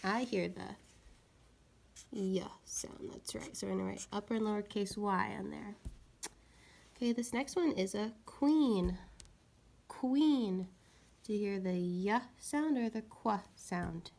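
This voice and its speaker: A woman teaching young children a reading lesson, slowly sounding out words and patiently encouraging them. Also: mid-range voice, vocal fry, a little mellow.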